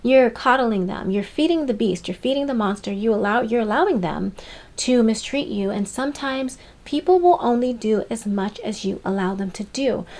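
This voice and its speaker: A woman's voice: on the high side, darkish tone. Young adult woman vlogger, casual advice storytime, emphatic and chatty. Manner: chatty and emphatic, laughs between points.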